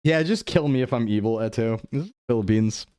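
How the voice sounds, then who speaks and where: A young adult man streaming a game live, chatting playfully with his chat and thinking his guesses out loud. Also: medium pitch, fast talker, clear, resonant tone, dry recording, clean studio sound. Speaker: VTuber streamer. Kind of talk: live-stream gameplay commentary.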